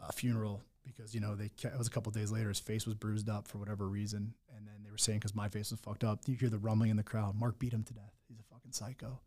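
A man's voice: lowish voice, level tone, fast, darkish tone. A young man telling his own hard story in candid talk, blunt and full of swearing and restarts. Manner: raw, blunt, swears often, many restarts.

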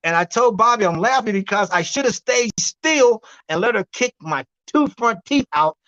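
High-voiced, animated man telling stories. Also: normal speed, no echo, dull audio. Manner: lively, demonstrative, laughs often, acts out quotes. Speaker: guest herbalist. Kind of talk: animated storytelling interview.

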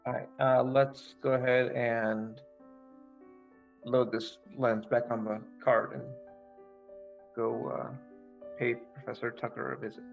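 A man's voice: mid-range voice, level tone, takes it slowly, gravelly, pauses often, highs cut off, soft background music. A man playing a character in a tabletop game, talking in a hesitant, easygoing way. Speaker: player. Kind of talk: casual tabletop game play.

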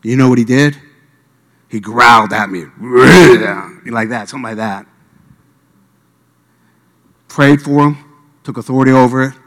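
Animated storytelling preacher in a reverberant hall. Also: male voice, mid-range voice, moderate pace, pauses often. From Miami. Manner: animated storyteller, acting out voices and dialogue. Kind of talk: sermon storytelling.

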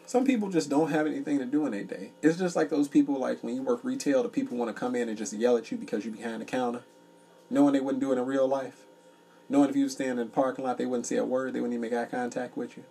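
A man co-hosting a casual comedy podcast, loud and joking as he tells stories. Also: medium pitch, fast talker, gravelly, distant mic, a little hiss or hum. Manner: loud, joking, animated storytelling. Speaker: podcast co-host.

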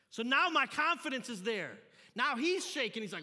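A man giving a youth sermon, telling a story in an animated, jokey way and acting out the scenes. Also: extremely high pitch, a little fast, big-room sound. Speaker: youth pastor. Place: church sanctuary.

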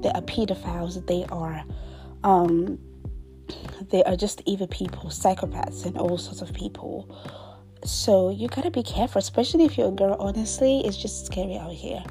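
A woman's voice: medium pitch, fairly even intonation, normal speed, creaky, warm tone, faint music behind. A woman in her twenties telling a storytime in a chatty, dramatic way, dropping into whispered asides. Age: 20s. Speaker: vlogger. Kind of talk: casual storytime monologue.

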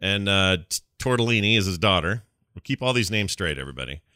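A man's voice: low voice, animated, quick pace, sharp tone, no room sound, studio quality. A man hosting a casual podcast. He rambles through a recap, fumbles names and laughs often. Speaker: podcast host.

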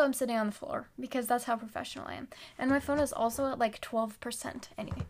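A woman's voice: sits high, slight background noise. A woman hosting her own podcast in rambling, self-deprecating casual chat, recorded on a phone while sitting on the floor at home. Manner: rambling, chatty, self-deprecating, many fillers. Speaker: podcast host.

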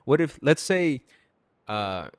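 A man's voice: mid-range voice, big pitch swings, slow pace, dry recording. Joking male podcast host, dry close sound. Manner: joking, storytelling with acted-out quotes. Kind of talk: casual chat.

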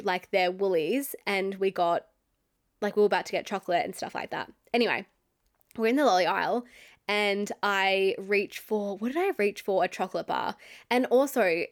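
A woman's voice: mid-range voice, normal speed. A young woman, telling a personal story in a candid, casual way, swearing often and filling her talk with "like".

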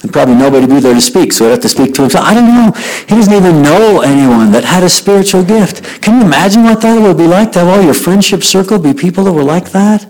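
Animated storytelling man. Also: high-pitched, quick pace, low-quality recording. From Utah. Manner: animated storyteller, acting out both sides of a dialogue. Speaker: youth speaker. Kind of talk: storytelling talk to youth.

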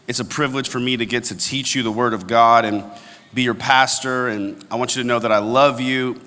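A man preaching a sermon as pastor, animated and conversational, acting out quoted complaints. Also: mid-range voice, long reverb tail. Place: large church auditorium.

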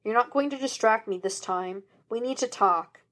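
A woman's voice: fairly high pitch, moderate pace, fairly bright tone, close to an everyday voice. A woman voicing a stern older father who snaps and scolds, in an audiobook reading.

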